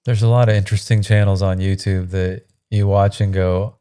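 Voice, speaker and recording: Mellow low-voiced man chatting. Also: little pitch movement, normal speed, clear, resonant tone. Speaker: co-host of live stream. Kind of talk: casual live-stream chat.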